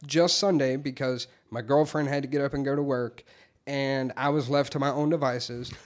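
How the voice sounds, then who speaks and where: A man telling his recovery story in casual, candid talk, swearing freely and getting animated when he quotes himself. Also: mid-range voice, moderate pace.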